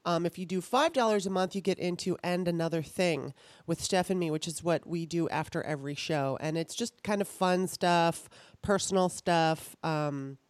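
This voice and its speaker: A woman's voice: lowish voice, moderate pace, no room sound. A woman hosting a casual political talk show, chatty and laughing often, with many fillers. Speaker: podcast host.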